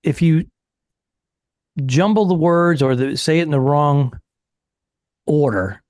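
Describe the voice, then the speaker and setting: A man co-hosting a comedy podcast, chiming in with quick, incredulous remarks in casual banter. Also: fairly high pitch, a little mellow, no room sound, studio quality. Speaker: podcast co-host.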